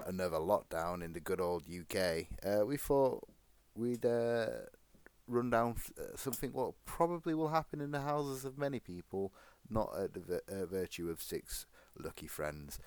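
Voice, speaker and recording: Deep-voiced rambling man. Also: measured pace, darkish tone, smooth, no room sound. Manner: rambling and jokey, with many restarts. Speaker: podcast co-host. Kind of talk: casual chat.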